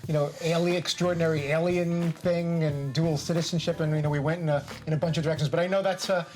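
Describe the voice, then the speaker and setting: A man co-hosting casual studio banter, defensive and hurried. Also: fairly high pitch, fairly even intonation, darkish tone, slight background noise. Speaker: co-host.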